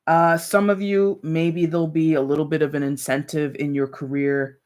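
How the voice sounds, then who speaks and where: Speaking at a moderate pace in a mid-range voice, a tarot reader runs a laid-back live stream, chatting with viewers like friends. She rambles, leaning on "like" and "you know," and slips in little laughs between readings as she talks straight to the audience.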